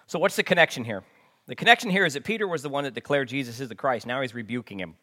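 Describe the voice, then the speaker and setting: A pastor preaches a conversational sermon in a medium-pitched, bright and forceful voice. He keeps restarting his sentences and leans on fillers as he talks.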